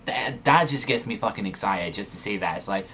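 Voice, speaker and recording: A young man hosting a manga reaction video, talking in an excited, rambling way and swearing a lot. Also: fairly low pitch, fairly quick, slight background noise. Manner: excitable, swears often, rambling run-on sentences. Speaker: manga reaction channel host. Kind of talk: excited casual reaction monologue.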